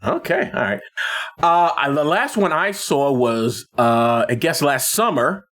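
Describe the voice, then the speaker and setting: A man co-hosting a podcast, retelling a film in casual chat with lots of restarts and laughs. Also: mid-range voice. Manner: animated, halting retelling with many restarts and laughs. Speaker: podcast co-host.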